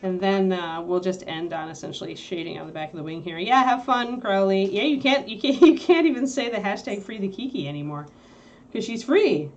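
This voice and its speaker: Expressive and fairly quick, this medium-pitched woman comes through on lo-fi audio. Hosting a casual stream where she paints miniatures, she rambles along and keeps interrupting herself to speak to her puppy.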